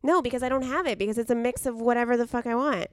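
A woman co-hosting a podcast in casual chat, blunt and animated, swearing freely. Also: fairly high pitch, very fast, no echo. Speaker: podcast co-host.

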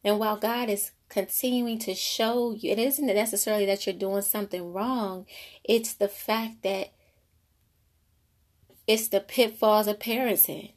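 A woman's voice: mid-range voice, fairly even intonation, moderate pace. Chatty mother musing on parenting. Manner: conversational, rambling, frequent "you know". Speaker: mother sharing parenting thoughts. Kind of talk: casual faith-based monologue.

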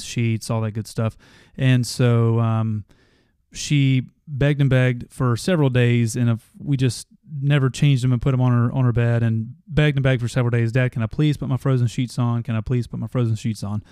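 A man's voice: mid-range voice, darkish tone, clear, resonant tone, dry recording, studio quality. A man in his thirties hosting a motivational podcast, telling a family story in an earnest way that grows passionate. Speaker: podcast host.

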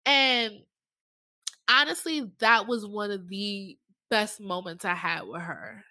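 A young woman in casual conversation, telling an emotional personal story with animated voices for the people in it. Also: medium pitch, a little slow, dry recording. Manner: emotional, animated, acts out voices in her stories.

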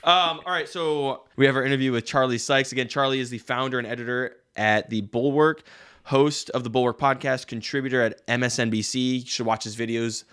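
A man's voice: mid-range voice, fairly even intonation, fairly quick, fairly bright tone, smooth. A man co-hosting a casual podcast, talking loosely, swearing and laughing easily. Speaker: podcast co-host. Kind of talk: casual chat and interviewing.

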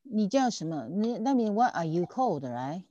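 Tutor, woman, lively up-and-down voice, patient and repetitive, dull dry sound. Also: mid-range voice, moderate pace, slight background noise. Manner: patient, repeats and checks understanding often. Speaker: Chinese language teacher. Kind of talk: online tutoring lesson.

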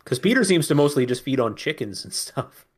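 A man's voice: medium pitch, sing-song, brisk, slight background noise. Easygoing man in casual movie chat. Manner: easygoing, chiming in with short agreements. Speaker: podcast co-host.

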